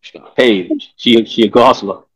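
A man's voice: on the low side, moderate pace, breathy edge, no room sound, poor audio. A man, talking in a rambling, streetwise way on a casual panel discussion. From New York.

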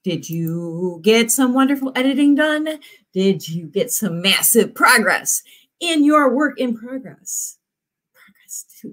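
A woman's voice: fairly high pitch, a bit bright. A woman author hosting a live writing stream, chatting in a bubbly, effusive way. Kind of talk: casual live-stream chat.

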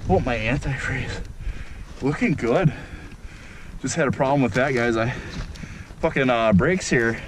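A man vlogging outdoors in the snow with an action camera, talking excitedly and swearing often as he rambles about his old snowmobile. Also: mid-range voice, a little slow, long pauses, noisy background. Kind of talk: casual outdoor vlog.

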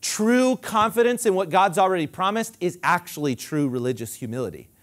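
A male pastor preaching a sermon, leading the congregation in call-and-response and swinging from loud emphatic declarations to quiet low asides. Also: lively intonation, a little fast.

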